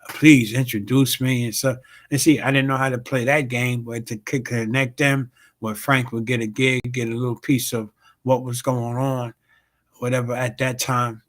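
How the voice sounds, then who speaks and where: In an easygoing, energetic way, a middle-aged comedian and host shares a joke along with a story from backstage. His voice is mid-range and his pace moderate.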